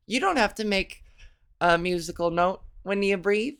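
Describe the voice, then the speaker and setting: A woman hosting a casual solo podcast, rambling and self-mocking, laughing at her own jokes while working on a softer voice. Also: mid-range voice, animated, slow pace, vocal fry, clean tone. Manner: practicing a softer voice with resonance and inflection. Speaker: podcast host. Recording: fan blowing near the microphone.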